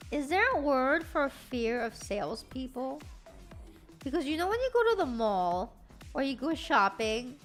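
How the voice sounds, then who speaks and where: A woman streamer chatting excitedly with her live chat. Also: high-pitched.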